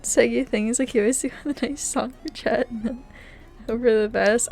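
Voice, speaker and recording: A young woman streaming live, chatting casually with her viewers, playful and laughing, swinging between loud outbursts and quiet mumbling. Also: fairly high pitch, fairly even intonation, measured pace, creaky. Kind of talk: casual live-stream chat while playing games.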